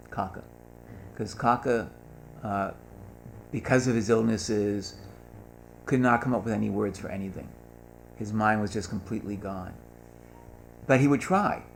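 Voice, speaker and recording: A man's voice: fairly low pitch, creaky, slight background noise. An older man telling humorous anecdotes at a gathering, acting out the voices of the people he quotes. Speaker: speaker at a gathering. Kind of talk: storytelling talk.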